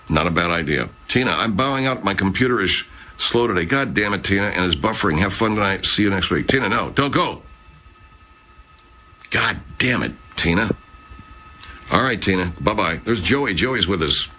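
A man's voice: low voice, animated, moderate pace, pauses often, sharp tone, a little hiss or hum. A man hosting a casual live chat, rambling, swearing, and reading out viewer comments. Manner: rambling, profane, chatty. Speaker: livestream host.

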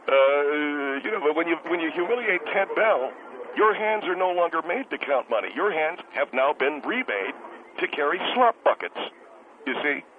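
A man's voice: on the high side, lively intonation, normal speed, natural voice. A man playing a bitter, self-important restaurant owner calling into a talk show, stammering and indignant. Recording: tinny phone line with hiss.

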